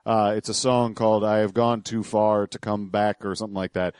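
A man's voice: fairly low pitch, flat delivery, brisk, darkish tone, clear, resonant tone, no room sound, clean studio sound. A man hosting a podcast, explaining clips in a digressive, hesitant way. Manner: digressive, hesitant, lots of uhs and restarts. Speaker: podcast host. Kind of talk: casual podcast commentary.

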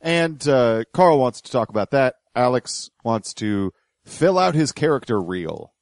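A man's voice: medium pitch, expressive, a little slow, no echo, studio quality. A man hosting a podcast, giving casual, critical commentary on a clip. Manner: critical, explanatory. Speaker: podcast host.

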